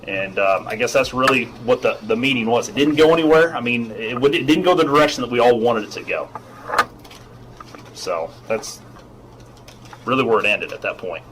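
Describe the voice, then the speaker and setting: A middle-aged man, an HR manager, giving formal testimony at a hearing in a measured, explanatory way, often repeating himself. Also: medium pitch, animated, noisy background.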